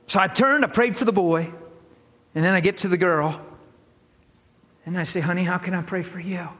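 High-voiced preacher telling a story in a hall. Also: male voice, normal speed. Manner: animated, laughing, acts out voices in his story. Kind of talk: storytelling sermon.

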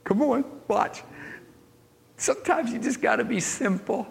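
High-voiced preacher telling a story in a hall. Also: male voice, slow pace, creaky, long pauses, slight background noise. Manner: animated, laughing, acts out voices in his story. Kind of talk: storytelling sermon.

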